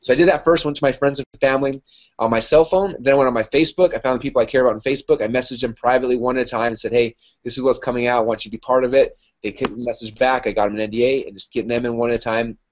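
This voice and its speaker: A man in a casual online hangout, talking excitedly and rambling through a promotional pitch with lots of fillers. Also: very fast, dull audio. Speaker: internet marketer promoting an opportunity.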